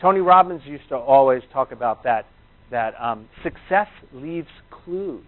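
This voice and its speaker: A man's voice: mid-range voice, lively intonation, unhurried. A man, a chiropractor, giving a rambling anecdotal talk to a live audience. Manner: rambling, conversational storytelling. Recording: tinny, phone-like narrow sound.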